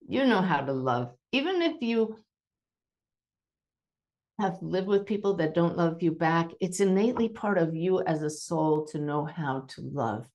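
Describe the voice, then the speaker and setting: A woman with a low, settled voice hosting a spiritual podcast and answering listener questions. She talks in a gentle, reassuring way. At times she deliberately slows to a measured pace. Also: lively intonation. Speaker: podcast host and medium.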